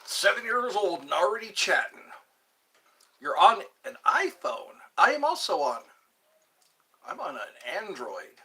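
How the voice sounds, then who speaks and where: A man's voice: high-pitched, sing-song, measured pace, pushed and bright. A middle-aged man hosting a livestream, rambling casually to young viewers from a phone on a tripod. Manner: rambling, chats to young viewers, drifts into song snippets. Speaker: livestream host.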